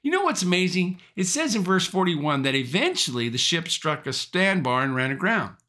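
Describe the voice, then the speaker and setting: A male pastor delivering a sermon in a high, bright register. His pitch swings widely as he drives home repeated encouragements. The delivery is emphatic, with the odd chuckle along the way. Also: sing-song, moderate pace. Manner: emphatic, repeating rallying phrases.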